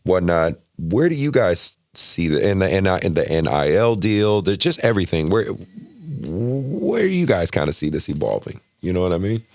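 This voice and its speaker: A man hosting a basketball podcast, asking questions in a relaxed way with many fillers. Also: deep voice, normal speed, no echo. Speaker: podcast host and coach. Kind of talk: casual podcast interview.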